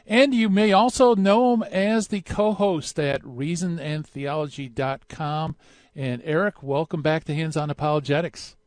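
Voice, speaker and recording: A man's voice: a little high, fairly even intonation, a little slow, a little mellow, dry recording. A man hosting a call-in radio show, chatty and hesitant with many fillers. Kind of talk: casual call-in radio interview.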